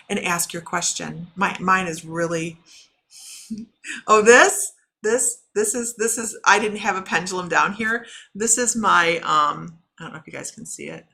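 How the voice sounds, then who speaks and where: A woman's voice: on the low side, unhurried, gravelly, sharp tone. A middle-aged woman, a shaman and intuitive reader, chatting casually on a livestream, laughing often and talking to viewers by name.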